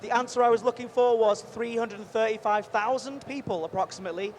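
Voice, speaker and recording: Male host, high voice, energetic and chatty, convention floor, faint crowd noise behind. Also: a little fast. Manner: energetic, chatty, rambling with restarts. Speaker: livestream host at a game convention booth. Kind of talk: upbeat live event hosting. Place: busy convention show floor.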